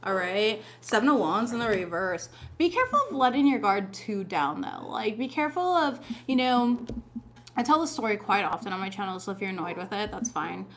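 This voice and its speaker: A woman's voice: mid-range voice, sing-song, fairly quick, fairly bright tone, slight background noise. A woman giving a casual weekly tarot reading, chatty and informal, with many fillers. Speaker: tarot reader.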